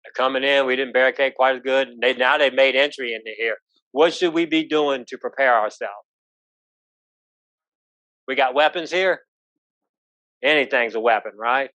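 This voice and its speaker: A man's voice: mid-range voice, moderate pace, pauses often, pushed and bright, dry recording. Folksy man giving police training. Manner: folksy, storytelling, asks the room "right?". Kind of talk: live safety training talk. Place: training room. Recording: dull lo-fi sound.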